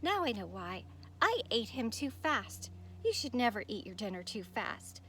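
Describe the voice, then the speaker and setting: A woman doing a squeaky boastful little frog. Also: very animated, moderate pace, fairly bright tone. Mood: bragging. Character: tiny boastful male frog, cheeky trickster.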